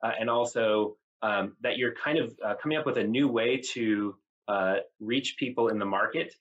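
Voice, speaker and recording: Male interview host, halting, lots of ums, dull lo-fi audio. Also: lowish voice, a bit bright. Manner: halting, filler-heavy questions.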